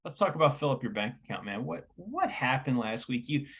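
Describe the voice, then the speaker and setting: A man's voice: medium pitch, very animated, fairly quick, a bit bright, breathy edge. A man co-hosting a podcast, reading off questions and stats in casual sports talk. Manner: reads off questions and stats, agreeable. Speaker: podcast co-host.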